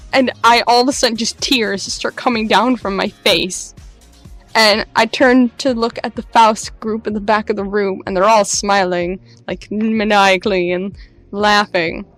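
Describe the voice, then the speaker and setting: A woman vlogger dramatically retelling a live-action role-play adventure, casual and expressive. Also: mid-range voice. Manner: animated, dramatic retelling with laughs. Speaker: LARP vlogger. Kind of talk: casual storytelling.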